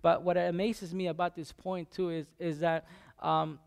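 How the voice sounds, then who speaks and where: Guy preaching a laid-back sermon, kinda gravelly, lots of uh and um and restarts. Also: a little high, flat delivery. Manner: halting, many restarts and fillers, conversational. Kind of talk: informal sermon.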